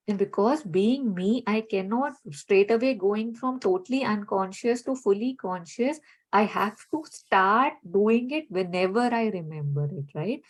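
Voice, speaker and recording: A woman speaking in a reflective, conversational way, gently searching for her words and often saying "you know" as she explains. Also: medium pitch, poor audio.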